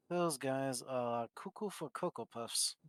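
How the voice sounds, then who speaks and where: A woman's voice: extremely low pitch, no echo. A woman in a roleplay game, talking in character as a doctor. She rambles, trails off with fillers and laughs a lot, close on a dry, dead-sounding mic. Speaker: roleplay streamer playing a doctor.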